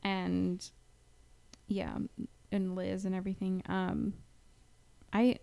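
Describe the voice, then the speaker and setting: A woman's voice: medium pitch, completely flat delivery, slow pace, gravelly, warm tone. Woman, podcast co-host, casual chat, playful, laughs often.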